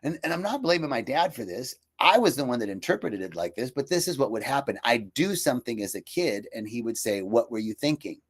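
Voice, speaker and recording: Man, mid-pitched voice, casual reflective talk with restarts and fillers; brings quoted voices to life. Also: a little fast, few pauses. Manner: reflective, personal storytelling with frequent fillers and restarts; quotes himself and others in lively voices. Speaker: speaker for a healing retreat.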